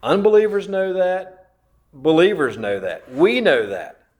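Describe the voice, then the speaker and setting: Slow, lively preaching man. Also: high-pitched. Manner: slow, emphatic preaching with repeated phrases and questions. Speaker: pastor. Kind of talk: sermon.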